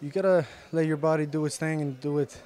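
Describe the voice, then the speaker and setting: Young guy, faint irish lilt over his english, soft and hesitant, bit higher voice, lots of uhs, talking in a gym. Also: fairly even intonation. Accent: slight Irish-tinged English. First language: Icelandic. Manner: soft-spoken, many pauses and fillers. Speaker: interviewed fighter. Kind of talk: casual interview answers. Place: sports gym.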